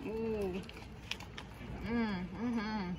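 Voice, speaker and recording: A woman chatting casually as a travel companion, making brief soft-spoken comments. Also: medium pitch, fairly even intonation, drawn-out words, noisy background. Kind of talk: casual chat. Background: music.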